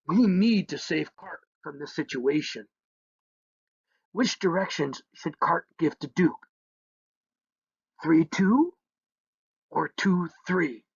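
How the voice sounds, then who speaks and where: A man's voice: on the high side, animated, slow, creaky, pauses often, husky, no echo. A man narrating a children's story in a playful way, humming sound effects between lines, on a dull lo-fi recording.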